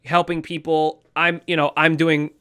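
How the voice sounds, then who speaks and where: A man's voice: fairly high pitch, flat delivery, measured pace, bright, forceful tone, smooth. A man co-hosting a podcast, ranting heatedly with lots of swearing and pleading with listeners. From New York. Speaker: podcast co-host. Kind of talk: casual podcast rant.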